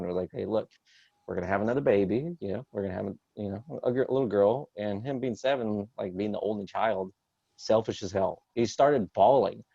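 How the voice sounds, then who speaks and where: A man's voice: fairly low pitch, gravelly, dry recording, muffled recording. A man in his thirties doing a rambling stand-up set over a video call, hesitant with many fillers. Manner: rambling, hesitant with many fillers, jumps loud for quoted outbursts. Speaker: stand-up comedian.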